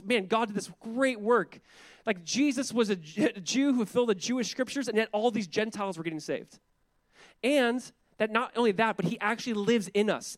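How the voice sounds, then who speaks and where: A male pastor preaching a sermon in a conversational, animated way, full of asides and quick restarts. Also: high-pitched, dry recording.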